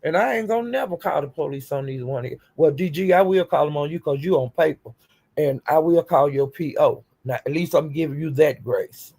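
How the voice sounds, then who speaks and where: A woman's voice: low voice, a little fast, dark tone, breathy edge. An older woman streaming to her channel, ranting in a profane, confrontational, defiant way. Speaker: YouTube streamer. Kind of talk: livestream rant.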